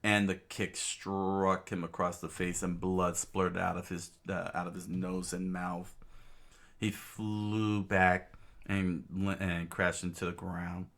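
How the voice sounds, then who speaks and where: A man's voice: deep voice, flat delivery, takes it slowly, a bit bright. A man casually reading a comic aloud, hesitant, with many fillers and self-corrections. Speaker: reader.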